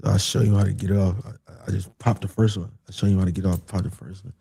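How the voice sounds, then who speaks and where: Man, gravelly, husky, mellow tone, dry close sound, casual storytelling, acts out quotes. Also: low voice, quick pace, no echo. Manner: animated, acts out quoted voices, repeats phrases. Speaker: guest telling a personal story.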